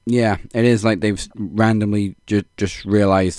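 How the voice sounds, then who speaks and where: A man with a lowish voice co-hosting a wrestling podcast in an easygoing, dry way. The sound is close and dry. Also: fairly even intonation, moderate pace, hardly any pauses, a little mellow, no echo. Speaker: podcast co-host. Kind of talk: casual wrestling chat.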